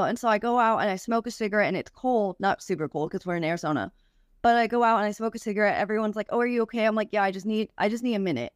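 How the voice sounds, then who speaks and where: Young woman, podcast guest, candid storytelling, swears, filler-heavy, mid pitch, dry close mic. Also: no room sound. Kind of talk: telling a personal story.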